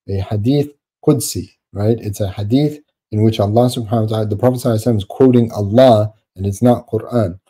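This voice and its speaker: Very dark-voiced man teaching. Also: on the low side, breathy edge. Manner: earnest, repeats himself, keeps checking in with "right?"; weaves Arabic phrases into English explanation. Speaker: religious teacher. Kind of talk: reflective religious lesson.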